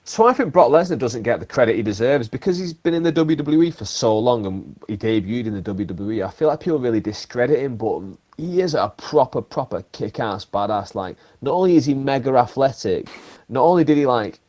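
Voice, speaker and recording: Male podcast host, animated and emphatic, mid-pitched. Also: a little fast. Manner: animated storyteller with emphatic swearing. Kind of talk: casual chat.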